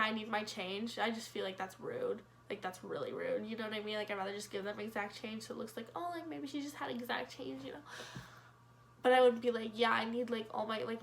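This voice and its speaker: Young woman vlogger, higher voice, meandering storyteller, casual cursing, wry jokes at her own expense. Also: slight background noise. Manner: rambling, filler-heavy, swearing casually; wry self-mocking.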